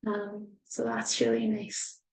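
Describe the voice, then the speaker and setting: A woman reading a storybook aloud to children as a mindset teacher. She talks gently and pauses often to explain and reflect. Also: mid-range voice, animated. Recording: roomy echo.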